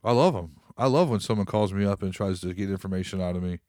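A man's voice: low voice, quick pace, a little mellow, dry recording, clean studio sound. A man co-hosting a casual chat, loose and profane, who acts out phone calls in silly voices. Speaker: podcast co-host.

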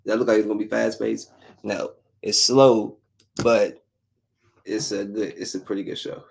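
Gravelly-voiced man ranting casually. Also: fairly low pitch, flat delivery, normal speed. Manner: blunt, rambling, emphatic repetition. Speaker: vlogger reviewing shows. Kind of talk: casual chat.

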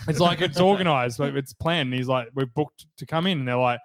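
A man's voice: mid-range voice, brisk, hardly any pauses, no room sound. A young Australian man telling a laid-back story as a podcast co-host. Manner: laid-back, chatty, quotes others. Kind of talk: casual storytelling chat.

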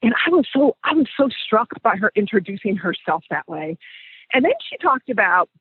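A man with a high, very husky voice tells a story as a podcast host, leaning hard on repeated phrases. The sound is dry and thin, like a phone line. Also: very animated, a little fast, dry recording. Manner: emphatic, repeats phrases for weight. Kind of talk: conversational storytelling.

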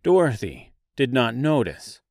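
Male narrator, unhurried fairy-tale reading, dry close mic. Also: medium pitch, big pitch swings, a little mellow, no room sound. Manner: slow, measured telling. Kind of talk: storybook reading.

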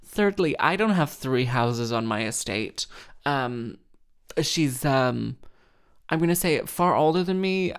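A woman's voice: very deep voice, expressive, slow pace, clean tone. A woman hosting a podcast, rambling and gushing in a casual monologue full of fillers and sarcastic self-mockery.

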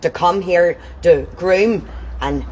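A woman's voice: fairly low pitch, slow pace, darkish tone, highs cut off, a little hiss or hum. A woman angrily interrogating a man during a confrontation outdoors. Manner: accusing, interrogating. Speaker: confronting vigilante. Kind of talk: heated confrontation.

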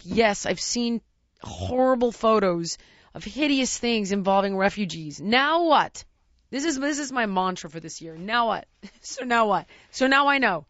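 A woman's voice: a little high, animated, unhurried, a bit bright, no room sound, muffled recording. Earnest businesswoman thinking aloud. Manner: searching, earnest, many restarts and "like". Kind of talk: candid casual chat.

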